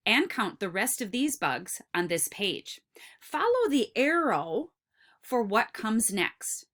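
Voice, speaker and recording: A woman teaching a recorded lesson to kindergartners. She speaks slowly with a bright, lively voice that swoops up and down. Her tone stays encouraging and drawn out for young listeners. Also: mid-range voice. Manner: slow, encouraging, drawn-out words for children.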